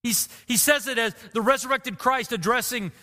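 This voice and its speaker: A man's voice: very high-pitched, moderate pace, pushed and bright, long reverb tail. A man preaching a sermon as pastor, earnest and emotive, repeating phrases for emphasis.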